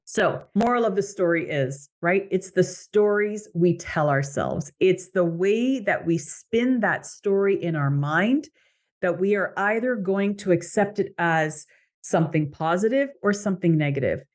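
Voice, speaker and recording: A woman's voice: on the low side, lively intonation, a little slow, darkish tone. A middle-aged woman with a Canadian accent talks through a podcast monologue, chatty and anecdotal. She slips into quoted voices as she tells the story, in an easy conversational flow. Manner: storytelling, conversational, quoting others. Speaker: podcast host, coach.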